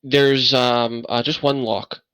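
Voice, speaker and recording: A man narrating a tabletop game as game master, halting and full of fillers. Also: medium pitch, little pitch movement, a bit bright, clear, resonant tone, no room sound, poor audio.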